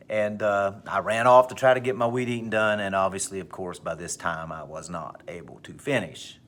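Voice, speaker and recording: A male teacher telling a personal anecdote to his class, with big animated swings in pitch and pace. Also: normal speed. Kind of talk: storytelling in class.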